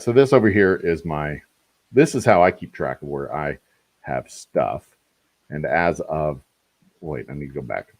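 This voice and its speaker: A man's voice: extremely low pitch, gravelly, husky, no room sound. A man, hosting a casual distillery livestream and chatting to viewers with rambling, joking asides. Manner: rambling, talks to chat, self-deprecating jokes.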